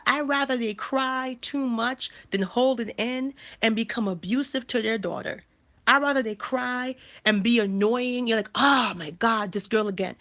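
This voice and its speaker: A woman's voice: on the high side, fairly bright tone. A woman in her thirties hosting a casual livestream, talking emphatically and repeating phrases with frequent restarts. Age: 30s. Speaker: life coach and channel host.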